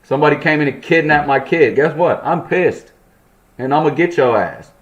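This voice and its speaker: A man's voice: on the high side, moderate pace, highs cut off. Man, young adult, casual reader, profane asides, joking, apartment. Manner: profane, joking asides between numbered items. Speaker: channel host. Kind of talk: reading a list with loose commentary.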